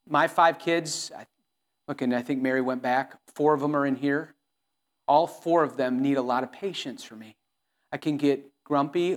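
A middle-aged man preaching a sermon as pastor, earnest and pleading, often restarting his sentences. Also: a little high.

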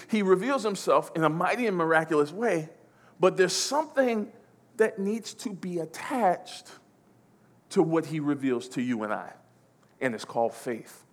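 Male preacher, sermon, raised pitch, emphatic, repeats phrases, loud to hushed.

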